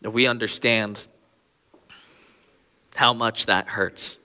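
A man's voice: fairly low pitch, steady tone, slow pace, sharp tone, clear, resonant tone, big-room sound. A young man preaching a sermon with earnest, pleading emphasis on key phrases.

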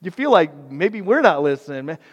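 A man preaching a sermon as pastor, impassioned, swinging from loud pleading down to hushed, almost whispered lines. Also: mid-range voice, measured pace, in a large hall, highs cut off. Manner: impassioned, builds to loud pleading then drops to near-whisper.

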